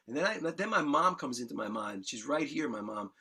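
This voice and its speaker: This New York man, a guest musician, speaks at a medium pitch with lively intonation, fairly quickly and with hardly any pauses, his husky voice sounding pushed and bright. Choked up as he tells his emotional story, he stays earnest and candid, swears freely, and lets the feeling come through.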